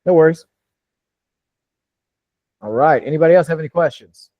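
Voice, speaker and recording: A man's voice: fairly high pitch, moderate pace, no echo, dull audio. Blunt, casual male coach on a call. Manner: blunt, casual, swears freely. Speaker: host and wholesaling coach. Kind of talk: live Q&A coaching.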